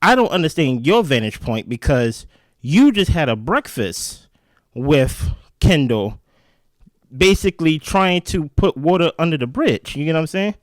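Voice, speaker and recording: A young adult man with a fairly high, very animated voice recaps an episode as a show host, speaking at a measured pace in a dry, room-free recording. Chatty and opinionated, he addresses viewers directly and keeps checking in with "right?".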